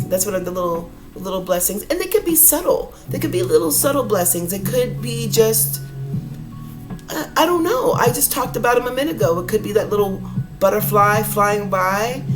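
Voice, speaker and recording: A woman's voice: medium pitch, rough recording. A woman hosting an inspirational podcast, talking casually and earnestly in a rambling way, calling her listeners y'all. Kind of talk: casual motivational talk.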